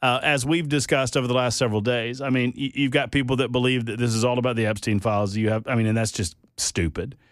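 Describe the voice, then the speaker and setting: A man's voice: mid-range voice, fairly even intonation, quick pace, hardly any pauses, dry recording, studio quality. A man hosting a talk radio show, rambling and joking with lots of fillers and restarts. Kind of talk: casual talk radio banter. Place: radio studio.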